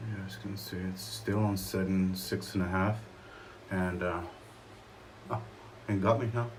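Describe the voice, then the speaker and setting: A man talking casually to camera about his shave in a room at home, rambling and halting with many fillers and restarts. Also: low voice, steady tone, a little hiss or hum. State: a little choked up. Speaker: shaving vlogger.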